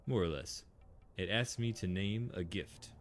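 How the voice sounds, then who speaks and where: A man's voice: deep voice, unhurried, soft background music. A man reading the lines of an earnest young squire on a quest, polite and deferential.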